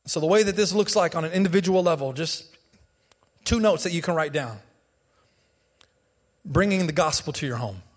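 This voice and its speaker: A man in his thirties, an American pastor, preaching a sermon in an animated, conversational way, with humor and repeated phrases. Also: a little high, normal speed, pauses often, long reverb tail. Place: church sanctuary.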